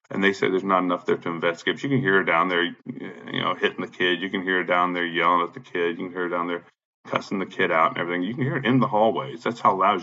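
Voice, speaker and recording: The recording is dull and lo-fi, carrying a bright, forceful male voice from Illinois. He's a tenant in an angry, profane rant about his apartment complex, agitated, swearing nonstop, and mentioning that he's high.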